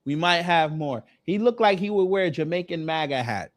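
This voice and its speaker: A man hosts a casual commentary video, mocking his target in slangy, deadpan jokes. His voice sits a little on the high side. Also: normal speed, noisy background. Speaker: host. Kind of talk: roasting commentary.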